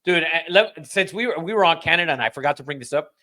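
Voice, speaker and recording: A man's voice: fairly high pitch, animated, quick pace, pushed and bright. A man hosting a podcast, ranting in casual, profane chat that rambles with restarts. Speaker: podcast host.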